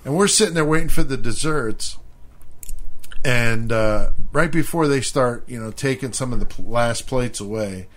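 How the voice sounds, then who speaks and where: Male podcast co-host, mid-range voice, swears constantly, animated rowdy storyteller. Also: medium pitch, normal speed. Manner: profane, animated, laughs through his story. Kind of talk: casual storytelling chat.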